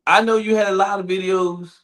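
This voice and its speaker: A man hosting a podcast, telling stories in loud, profane, laughing banter. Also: sits high, brisk. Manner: animated, profane, laughing storyteller. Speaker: podcast host.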